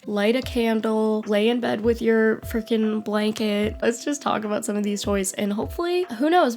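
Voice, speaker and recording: Woman in her twenties, fairly high voice, slight cold, rambling casual chat, giggles, lots of "like". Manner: rambling, giggly, says "like" often. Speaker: YouTube host. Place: indoors under bright lights.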